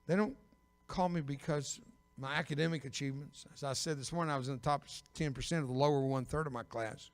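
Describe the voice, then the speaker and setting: An older man preaching a personal testimony sermon as an evangelist, telling his story with bursts of loud emphasis and dry humor. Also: on the high side, fast talker. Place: church sanctuary. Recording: long reverb of a big church.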